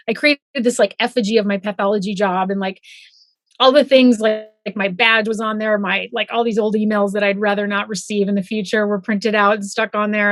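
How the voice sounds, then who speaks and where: A middle-aged woman, a former pathologist, telling her story as a guest and lively acting out her own past thoughts. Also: medium pitch, dry recording. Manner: animated, acts out her own past thoughts in quoted voices. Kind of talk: casual interview storytelling.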